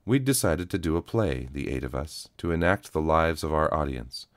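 Male narrator, calm first-person storytelling, extremely low voice, dry close mic. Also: normal speed, no room sound.

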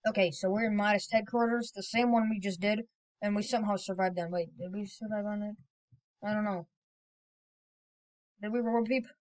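Rambling, excitable woman gamer. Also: mid-range voice, moderate pace, pauses often, poor audio. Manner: rambling and excitable, with sudden loud exclamations. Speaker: gaming video creator. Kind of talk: casual gameplay commentary.

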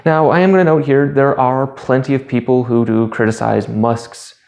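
A man hosting his own channel, delivering a commentary monologue with sarcastic, deadpan asides. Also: medium pitch, moderate pace, creaky. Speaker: YouTube channel host.

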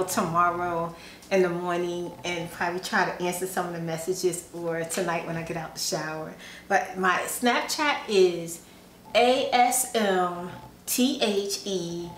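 A woman's voice: mid-range voice, reverberant, a little hiss or hum, low-quality recording. A woman vlogger who chats casually and giggles often while reading fan messages aloud, sounding sleepy. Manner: chatty, giggly, self-teasing. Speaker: ASMR vlogger.

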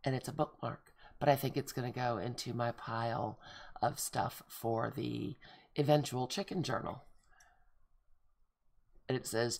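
Woman, middle-aged, gravelly, casual craft vlog chat, gushing, excitable. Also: extremely low pitch. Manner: gushing, excitable, lots of oohs and gasps. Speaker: craft vlogger. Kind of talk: casual show-and-tell chat.

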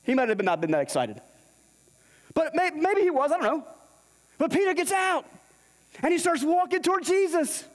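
High-voiced man preaching in a reverberant church. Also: big pitch swings, moderate pace, pauses often. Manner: storytelling, acts out the dialogue in scripture. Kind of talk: sermon. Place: church sanctuary. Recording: long hall reverb.

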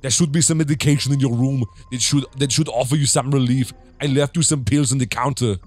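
An actor playing a surly, impatient male motel desk clerk in a horror video game, with an accent that drifts between foreign sounds and a curt, gruff delivery. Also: medium pitch, steady tone, fairly quick, a little mellow, natural voice. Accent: shifting foreign-sounding accent.

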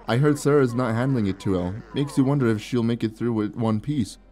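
A man's voice: medium pitch, a little fast, mellow, faint music behind. Joking young man playing a game. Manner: playful, joking, laughs often, reads game text aloud. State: sore mouth. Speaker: gaming YouTuber. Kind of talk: let's play commentary.

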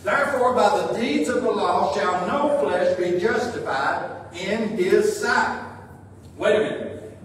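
A man's voice: sits high, animated, slow pace, slight background noise. A male pastor preaching a sermon. He speaks with emphasis, acts out the voices he quotes and reads scripture aloud. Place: church sanctuary. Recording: echoey hall, heard from a distance.

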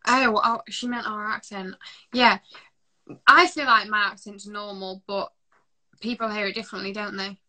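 A woman's voice: medium pitch, moderate pace. A teenage girl hosting a live stream, chatting casually and reading out viewer comments. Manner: relaxed, chatty, reads out comments.

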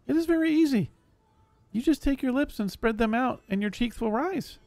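A man voicing a gentle, simple-minded male barbarian warrior who talks slowly and formally, never using contractions, in a live game roleplay. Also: very high-pitched, lively intonation, no echo, pitched above the performer's own voice. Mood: earnest. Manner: speaks without contractions, childlike and earnest. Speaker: streamer.

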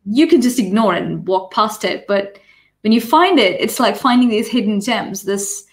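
A woman's voice: mid-range voice, expressive, normal speed. A woman joining an online discussion, talking about a story in a thoughtful, eager way with some hesitations. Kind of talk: conversational discussion.

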